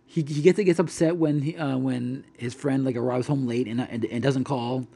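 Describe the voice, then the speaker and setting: A man chatting casually about an old comedy film, halting with many restarts and fillers. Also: medium pitch, fairly even intonation, creaky, dark tone, husky.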